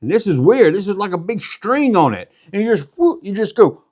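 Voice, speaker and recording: Animated, rambling middle-aged man. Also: sits high, a little fast. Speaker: YouTube collectibles host. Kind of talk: casual show-and-tell vlog.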